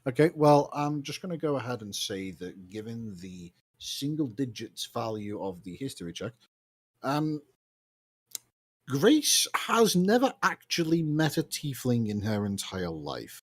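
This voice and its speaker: A man's voice: medium pitch, very animated, measured pace, breathy edge, no echo. A man narrating as game master in a tabletop game over a voice call, rambling and correcting himself. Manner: rambling, self-interrupting.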